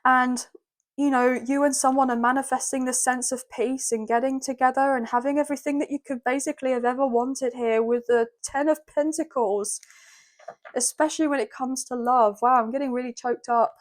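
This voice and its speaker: A woman with a notably high voice giving an off-the-cuff tarot reading, gushing and exclaiming as she goes. She rambles with lots of fillers and keeps her delivery emotional and heartfelt. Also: fairly even intonation, normal speed. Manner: effusive and emotional, exclaiming often. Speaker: tarot reader. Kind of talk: spontaneous tarot reading to camera.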